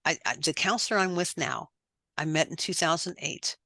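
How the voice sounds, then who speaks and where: A woman's voice: sits low, normal speed, bright, forceful tone, no echo, clean studio sound. A middle-aged woman sharing her story as a podcast guest, earnest, repeating phrases for emphasis. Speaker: guest, life coach. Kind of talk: candid personal testimony.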